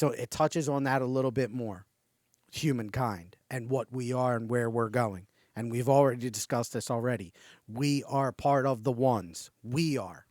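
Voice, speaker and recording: A man in the middle of his speaking range hosts a podcast, reading a channeled message aloud in an unhurried, deliberate way. His excitement keeps spilling over, so he interrupts himself, restarts, and lingers in awe. The sound is dry and close, with no room behind him. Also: mid-range voice, no echo. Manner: excitable, awed, breaks off to marvel and restart; reads quoted passages slowly and deliberately. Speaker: podcast host.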